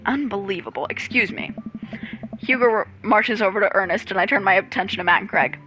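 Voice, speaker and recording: A woman's voice: medium pitch, fast, bright, forceful tone, soft background music, poor audio. A woman casually reading a visual novel game aloud, chatty, reacting, swearing and laughing along. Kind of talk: casual let's play narration with reactions.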